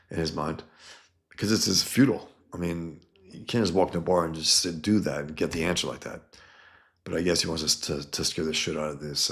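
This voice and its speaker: A man's voice: low-pitched, vocal fry, a bit bright. A man casually reviewing a comic book, rambling and thinking aloud.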